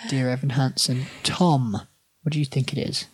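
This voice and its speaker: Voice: mid-range voice, fairly even intonation, normal speed, husky. A podcast host running a quiz game among friends, playful and laughing often.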